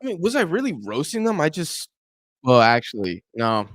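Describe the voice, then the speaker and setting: A man's voice: on the high side, moderate pace, dry recording. Chatty young man hosting a live stream. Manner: animated, talks to chat, acts out fans' complaints. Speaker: YouTube football watch-along host. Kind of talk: casual live-stream chat and match commentary.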